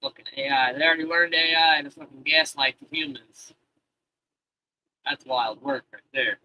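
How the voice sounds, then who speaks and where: A man's voice: a little high, steady tone, moderate pace, pushed and bright, a little hiss or hum, low-quality recording. A man in his thirties, a live streamer rambling in casual chat with heavy swearing and loose, restarting sentences. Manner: profane, rambling, talks to chat.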